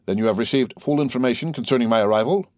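A man's voice: medium pitch, rapid-fire, darkish tone, no room sound, studio quality, voice pushed up, natural voice. A man reading the part of a timid, fawning old Italian ex-major in an audiobook, with a hesitant, eager manner. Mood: eager, anxious.

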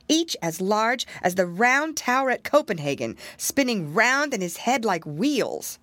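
Lively woman reading a fairy tale. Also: mid-range voice, measured pace, hardly any pauses, no echo. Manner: expressive, lively storytelling with dramatic exclamations. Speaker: storyteller. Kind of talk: fairy tale read aloud.

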